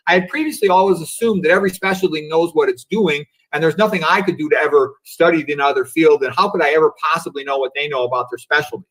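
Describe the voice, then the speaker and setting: In a casual livestream interview, a middle-aged doctor calls in by video and talks fast with hardly any pauses, his fairly high, fairly bright voice carrying reflective, philosophical thoughts. He peppers his speech with "you know" and "okay," and the recording is low quality.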